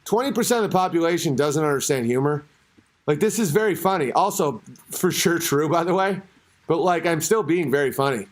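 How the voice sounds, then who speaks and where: High-voiced man ranting profanely. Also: fairly quick. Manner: profane, rambling and animated. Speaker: show host. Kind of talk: comedic podcast rant.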